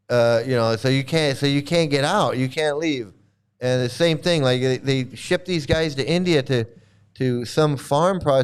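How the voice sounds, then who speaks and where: A man chatting casually and rambling, swearing freely, often laughing and mimicking others in quick asides. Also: a little high, clean tone. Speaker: streamer answering chat. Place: home in Thailand.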